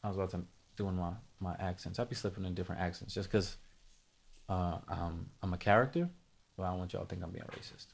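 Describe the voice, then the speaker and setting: A man with a deep, fast voice and vocal fry hosts a live music production tutorial. He chats casually with his viewers, thinking aloud and correcting himself along the way.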